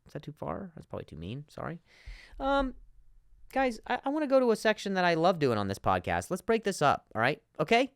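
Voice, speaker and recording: A man hosting a comedy podcast, ranting in an animated monologue with frequent stutters and asides. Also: high voice, brisk, clear, resonant tone, no echo, clean studio sound.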